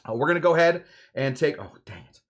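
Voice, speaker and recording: A man's voice: a little high, expressive, fast. A man hosting a live cocktail show, walking through a recipe with playful, rambling jokes and mumbled asides. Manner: playful, rambling, swings between loud emphasis and mumbled asides. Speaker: home bartender host. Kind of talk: jokey live cocktail demo.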